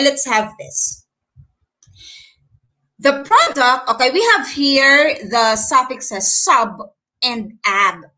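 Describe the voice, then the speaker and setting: A woman's voice: on the high side, sharp tone, rough recording. A woman with a Filipino accent teaching an online lesson, mixing English and Tagalog and checking in with frequent questions to her learners. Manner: encouraging, checks in with frequent "okay?".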